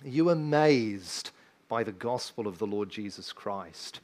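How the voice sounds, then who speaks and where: A man's voice: fairly low pitch, animated, a little slow, a little mellow. A man preaching a sermon in church, emphatic and full of rhetorical questions to the congregation. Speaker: pastor.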